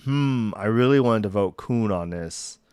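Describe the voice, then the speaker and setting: A man's voice: on the low side, animated, measured pace, a little mellow, smooth, no echo, clean studio sound. A young man chatting casually on a solo livestream, rambling, restarting sentences and laughing at himself. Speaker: streamer. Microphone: desk mic.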